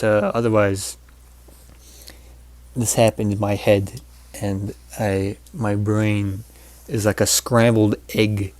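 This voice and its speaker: A man's voice: lowish voice, no room sound. Rambling man with a dry sound. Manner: rambling, with many fillers and restarts. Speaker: channel host. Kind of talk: casual gameplay commentary.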